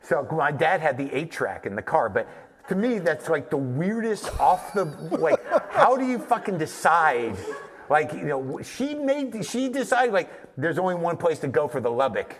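A man's voice: fairly high pitch, very animated, moderate pace. A man from New Mexico, a guest at a live podcast taping, telling a long, rambling, profane story. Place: live stage taping before an audience. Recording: long hall reverb.

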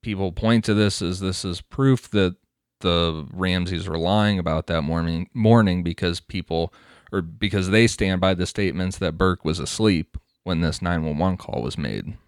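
A man co-hosting a casual true-crime podcast, reading quoted reports aloud in a measured, steady way. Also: deep voice, clear, resonant tone, no room sound, clean studio sound. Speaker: podcast co-host.

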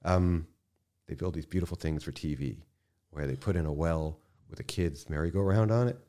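A man speaking as a podcast guest in casual conversation, impassioned, swearing freely and swinging from quiet to loud bursts. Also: extremely low pitch, moderate pace.

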